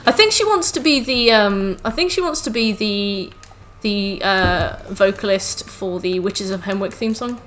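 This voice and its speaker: A woman's voice: mid-range voice, animated, unhurried, few pauses, fairly bright tone, a little hiss or hum. A woman streaming a game from home on a headset mic, chatting with her viewers and fussing at her cats. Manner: chatty, talks to chat and scolds her cats between game remarks. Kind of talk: casual live-stream chat while gaming.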